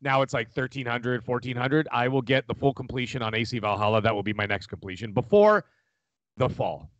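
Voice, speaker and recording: A man, chatting casually as a podcast co-host, rambling and animated. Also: mid-range voice, brisk, no room sound, muffled recording. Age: 40s. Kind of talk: casual chat.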